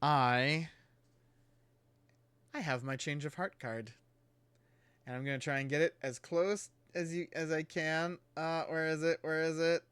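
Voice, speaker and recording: Smooth-voiced man chatting casually. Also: on the high side, flat delivery, measured pace, long pauses, fairly bright tone, no echo. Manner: rambling, laughs often, trails off. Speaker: streamer host. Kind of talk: casual chat.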